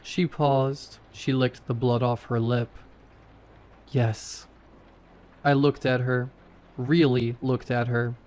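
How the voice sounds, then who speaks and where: Slow-paced male horror narrator. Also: medium pitch, little pitch movement, darkish tone. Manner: slow, short, tense sentences. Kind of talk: first-person horror story narration.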